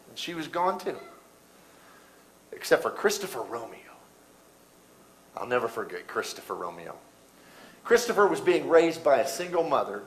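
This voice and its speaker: In a rough recording, a middle-aged preacher tells a story during his sermon, moving from loud outbursts to quiet, hushed passages. His voice sits on the high side.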